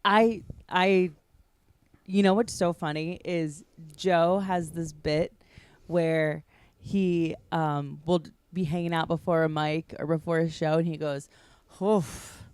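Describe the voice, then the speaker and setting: A woman's voice: deep voice, fairly even intonation, slow pace, a little mellow, clear, resonant tone, no echo. A woman hosting a podcast, who talks in a chatty, self-reflective way with lots of filler words. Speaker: podcast host. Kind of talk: casual podcast chat.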